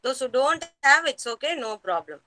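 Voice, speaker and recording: A woman teaching a kindergarten class over a video call, patient and slow, repeating each word for the children. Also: high voice, big pitch swings, sharp tone.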